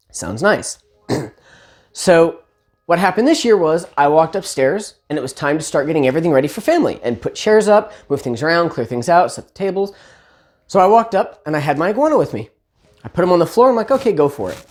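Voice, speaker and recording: A woman telling a family story in a chatty, casual way, pitched a little low. Her delivery swings widely up and down, with lively asides and self-corrections.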